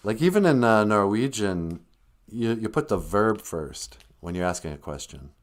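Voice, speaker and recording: A man's voice: lowish voice, big pitch swings, moderate pace. A man hosting a casual language livestream, chatting in a rambling, joking way.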